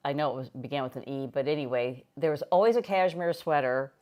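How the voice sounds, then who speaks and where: This older American woman hosts a casual live-stream chat in an extremely low, slightly mellow voice, talking fast. Her speech meanders in a chatty way, and she often restarts her sentences.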